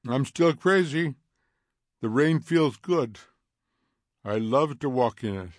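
A man voicing a curious, gently odd teenage girl who talks softly and stumbles over her words. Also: mid-range voice, lively intonation, takes it slowly, no room sound, clean studio sound. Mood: wondering.

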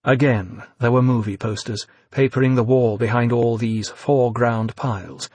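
Brief: husky male narrator, measured descriptive storytelling, dry close sound. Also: medium pitch, steady tone, a little mellow, no room sound. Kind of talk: audiobook narration.

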